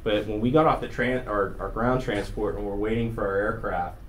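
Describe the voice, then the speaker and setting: A man's voice: fairly low pitch, a little fast, fairly bright tone. A man giving a photography talk to an audience in an art gallery, telling wry, humorous stories and laughing along with them. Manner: wry, laughs through his own stories. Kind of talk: humorous storytelling presentation. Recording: noisy room recording.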